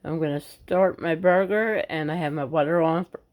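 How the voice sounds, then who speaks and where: A woman with a deep voice talks through a home recipe in her kitchen at a normal pace, chatty and homespun, loosely restarting her sentences. She has the hiccups as she vlogs, and the narrow, tinny audio carries a loud frying sizzle.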